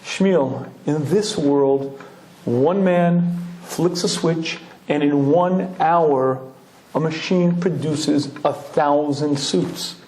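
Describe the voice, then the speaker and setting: A rabbi tells a story with animated energy, pausing often to clear his throat. His voice sits fairly high but has a warm, mellow tone. The room echoes noticeably. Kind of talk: storytelling Torah lecture.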